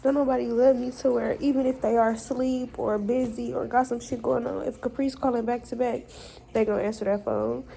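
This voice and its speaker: A woman's voice: a little high, steady tone, brisk, creaky, warm tone, rough recording. A young woman, venting frankly and with profanity in a personal vlog. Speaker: vlogger.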